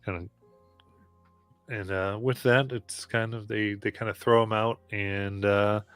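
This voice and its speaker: A man narrating as game master of a tabletop game, halting, with many fillers and sighs. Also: on the low side, fairly even intonation, fairly bright tone, clean tone, no room sound, faint music behind.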